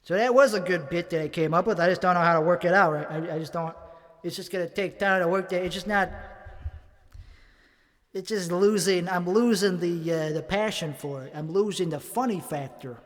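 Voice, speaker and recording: A man's voice: high-pitched, moderate pace, long reverb tail. A man working out comedy bits in a home studio, rambling and swearing freely in a put-on accent while criticizing his own jokes. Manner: profane, rambling, self-critical. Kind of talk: rambling solo monologue.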